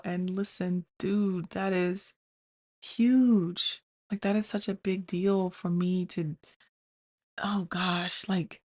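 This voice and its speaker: A woman hosting a podcast, thinking out loud in a candid, confessional way and often restarting her sentences. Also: lowish voice, little pitch movement, measured pace, creaky. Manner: confessional, self-questioning, many restarts; addresses listeners as "y'all". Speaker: podcast host. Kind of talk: candid personal monologue.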